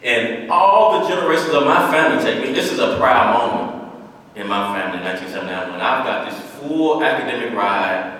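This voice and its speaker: A man's voice: medium pitch, lively intonation, a little fast, a bit bright. A man in his fifties giving an earnest storytelling speech as a former police chief, repeating phrases for emphasis. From Dallas, Texas. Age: 50s. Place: large hall, speaking to an audience. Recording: echoey hall from far off.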